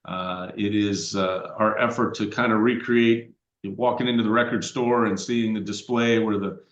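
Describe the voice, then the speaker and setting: Middle-aged male podcast host, somewhat low voice, relaxed rambling delivery, echoey room. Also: moderate pace, muffled recording. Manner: rambling, conversational, frequent uh fillers and restarts. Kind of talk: casual podcast chat.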